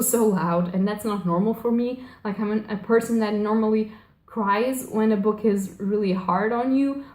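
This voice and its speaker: Brief: young woman book vlogger, mid-pitched, gushing and rambling with lots of fillers, recorded in an echoey room. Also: a little mellow. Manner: rambling, gushing, self-correcting, frequent fillers. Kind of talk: casual chat.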